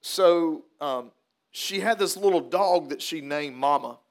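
High-voiced pastor, folksy. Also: male voice, a little slow. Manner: folksy, animated storytelling that turns to earnest preaching. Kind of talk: funeral sermon with storytelling.

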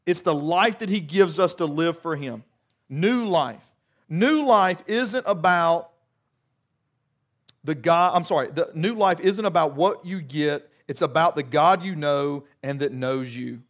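Joking preacher man, fairly high voice. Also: measured pace. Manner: conversational, joking asides, frequent restarts. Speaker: pastor. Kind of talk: sermon.

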